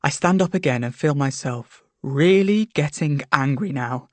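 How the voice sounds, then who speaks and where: A woman narrating a first-person story aloud in a quiet, subdued way. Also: low voice, expressive, unhurried, few pauses, dry recording. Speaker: story reader.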